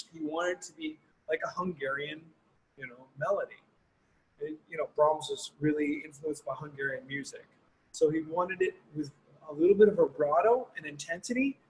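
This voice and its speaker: A man's voice: a little high, normal speed, slightly rough, low-quality recording. A man, a guest horn player, answering questions on a video call in a thoughtful, rambling way full of "you know" and "like". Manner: thoughtful, uses many fillers like "you know" and "like". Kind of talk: reflective conversational answers.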